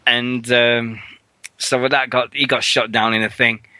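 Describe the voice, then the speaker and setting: A man's voice: medium pitch, a little slow, no echo. A man co-hosting a radio show, chatting casually and swearing a lot. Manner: rowdy, animated, acts out loud mocking voices in quotes.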